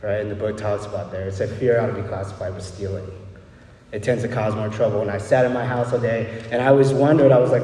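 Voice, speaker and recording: A young man from El Paso, Texas talks fast at a recovery meeting, his mid-range voice warm and steady. He tells his story in an open, easygoing way, frequently asking "right?" or adding "you know." Faint noise, echo, and a distant mic mark the recording.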